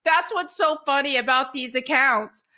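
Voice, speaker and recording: Giggly high-voiced woman streamer. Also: normal speed, bright, forceful tone. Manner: giggly, mocking. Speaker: live-stream host. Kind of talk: casual live-stream chat.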